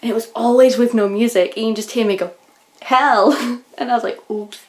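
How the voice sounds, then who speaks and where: A young English woman talking casually in a video diary, gushing and excitable, often sighing and sometimes dropping to a hushed near-whisper. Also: a little high, fast. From England. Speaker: vlogger.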